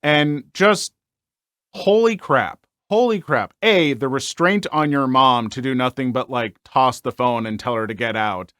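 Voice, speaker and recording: A man hosting a story channel, reading online stories aloud and commenting on them in an animated, exclaiming way with frequent filler words. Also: medium pitch, moderate pace, hardly any pauses, clean tone, no room sound, clean studio sound.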